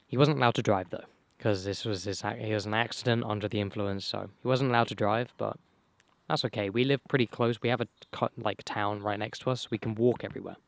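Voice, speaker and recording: Young guy, casual storyteller, swears, restarts a lot, lowish voice, dry close sound, losing his voice. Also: fairly even intonation, brisk, gravelly, no echo. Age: young adult. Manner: rambling, swears casually, many fillers and restarts. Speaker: vlogger.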